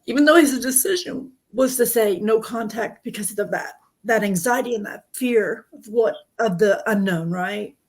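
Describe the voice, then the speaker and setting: Woman host, husky, earnest, emotional, video call audio. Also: a little high, moderate pace, few pauses. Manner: earnest, openly moved, apologetic. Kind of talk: emotional interview conversation.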